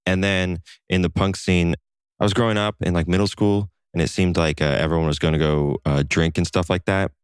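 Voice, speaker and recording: A man with an extremely low, deep voice chats as a podcast guest. He talks in a relaxed way, full of fillers and asides. The sound is dry and close. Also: fairly quick, clean tone, dry recording. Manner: relaxed storyteller with frequent fillers. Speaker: podcast guest, co-founder of a satire site. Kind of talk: casual conversation.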